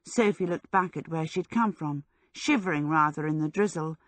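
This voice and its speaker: A woman's voice: deep voice, moderate pace, no room sound. Woman reading a storybook, dry close sound. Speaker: audiobook narrator. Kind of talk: scripted narration.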